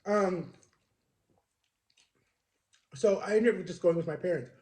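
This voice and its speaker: A man's voice: sits high, slow, a little mellow. A young man telling a rambling personal story in casual vlog chat, acting out other people's lines in a raised voice. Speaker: vlogger. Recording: roomy echo.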